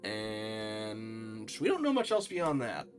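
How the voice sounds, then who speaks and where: A man's voice: on the low side, huge pitch swings, takes it slowly, faint music behind. A man giving casual, chatty commentary while streaming a game, with self-deprecating asides.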